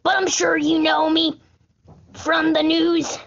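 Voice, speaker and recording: A rambling, panicky male president who frightens easily and screams often, as a woman puts him on. The voice sits high with a heavy, gravelly fry and drags along at a very slow pace. It comes through a dull, lo-fi homemade recording. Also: little pitch movement, fairly bright tone, exaggerated voice. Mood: chatty. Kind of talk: homemade comedy skit.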